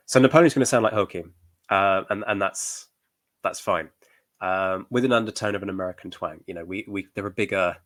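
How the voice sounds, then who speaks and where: Low-voiced male historian, thoughtful. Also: a bit bright, no echo. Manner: thoughtful, hedging, many fillers. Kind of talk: reaction commentary.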